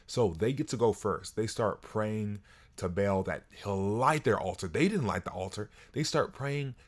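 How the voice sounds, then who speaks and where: A man casually retelling a Bible story, joking in slang and swinging his pitch widely for emphasis. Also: moderate pace. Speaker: online Bible teacher.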